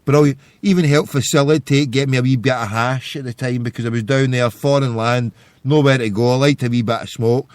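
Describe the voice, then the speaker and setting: A man's voice: mid-range voice, fairly even intonation, fairly quick, darkish tone, clean tone, dry recording. A man, hosting a podcast and telling stories in a loose, rambling monologue. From Scotland. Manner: rambling storytelling. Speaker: podcast host. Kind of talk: casual monologue.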